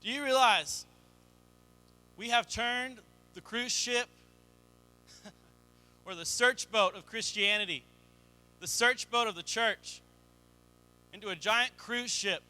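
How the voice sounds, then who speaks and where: A young man delivers a sermon as a story, giving short voices to the people in it. His voice sits high for a man and has a very bright, forward tone. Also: slow pace, long pauses, faint music behind. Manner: storytelling, acts out quoted voices. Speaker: pastor.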